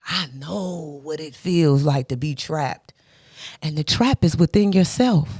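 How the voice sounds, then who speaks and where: A woman gives a motivational faith talk in a low, expressive, unhurried voice that's a little mellow with a breathy edge, captured dry and close. Her emphatic, repetitive delivery has a preacher's cadence, with rhetorical questions and frequent laughter between points.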